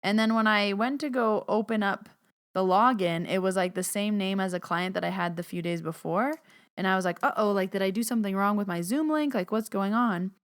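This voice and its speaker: A woman in her thirties, a podcast host, telling stories in a chatty, animated way with lots of filler words. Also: mid-range voice, brisk, clean tone. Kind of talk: casual storytelling monologue.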